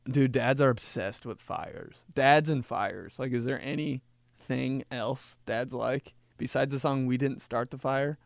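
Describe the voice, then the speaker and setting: A man's voice: mid-range voice, a little slow, creaky, dry recording. A man hosting a comedy podcast, telling jokey, rambling stories in casual chat. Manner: rambling, jokey, animated storytelling. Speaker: podcast host.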